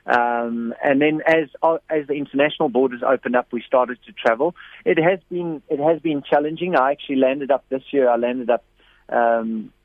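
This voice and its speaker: This missionary guest speaks at medium pitch and normal speed with no room sound, though the phone line is tinny. In a storytelling interview he's an energetic narrator who repeats words a lot and acts out quotes in a raised voice.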